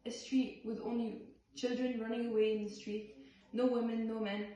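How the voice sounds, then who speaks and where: A woman performing a play by reading the script aloud in a halting way, with restarts on some words. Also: a little high, little pitch movement, mellow. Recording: far-off voice in a very echoey room.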